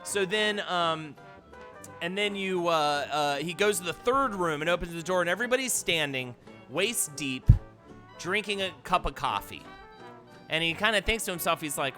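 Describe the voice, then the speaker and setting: A man's voice: high-pitched, animated, moderate pace, sharp tone, faint music behind. A man hosting a live stream, reading listener jokes aloud and laughing often. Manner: playful joke-telling, laughs often. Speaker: host.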